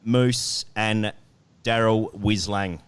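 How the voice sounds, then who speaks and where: A man co-hosting a podcast, talking in a relaxed, enthusiastic way. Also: fairly low pitch, extremely slow, clear, resonant tone. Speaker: podcast co-host. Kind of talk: casual chat.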